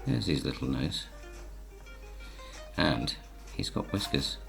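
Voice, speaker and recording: A man gently narrating a children's story while he draws the pictures, and he often talks to the audience. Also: extremely low pitch, animated, slow pace, creaky, soft background music. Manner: gentle, coaxing, speaks to the audience.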